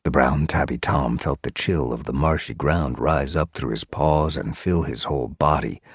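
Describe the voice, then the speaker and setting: A man reading an audiobook aloud with expressive storytelling. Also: rumbling low, normal speed, slightly rough, no echo, clean studio sound. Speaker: audiobook reader. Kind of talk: audiobook narration.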